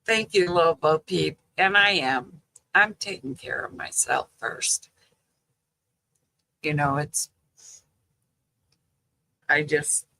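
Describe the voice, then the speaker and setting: An older grandmother chatting live with her viewers in an unhurried, rambling way. Her voice is gravelly and bright, and she takes her time getting through each story. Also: low-pitched, a little hiss or hum, rough recording. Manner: slow, chatty storytelling with frequent "you know" and laughter. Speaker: livestream host chatting with viewers. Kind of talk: casual live chat.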